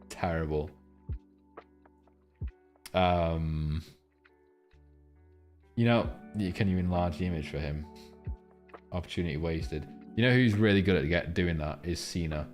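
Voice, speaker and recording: Crude, joking man, deep voice. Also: a little slow, pauses often, darkish tone, soft background music. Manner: crude, joking, rambling banter with chat. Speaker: trading live streamer. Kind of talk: casual live-stream chat and chart lesson.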